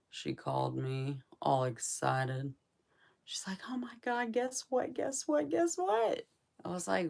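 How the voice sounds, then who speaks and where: A woman livestreaming and chatting casually, soft-spoken and often dropping to a whisper. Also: very deep voice, vocal fry.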